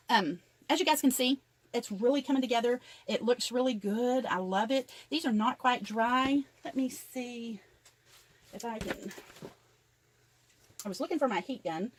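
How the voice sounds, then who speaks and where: A woman's voice: a little high, low-quality recording. An older woman chattily narrating each step of a craft tutorial as she works. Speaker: craft vlogger.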